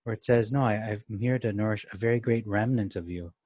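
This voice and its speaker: Guy going verse by verse thru the bible, thinks out loud, lots of restarts, kinda deep voice. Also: fairly quick, dry recording. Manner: thinks aloud, rereads and explains verses, many restarts. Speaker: Bible teacher. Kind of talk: casual Bible study commentary.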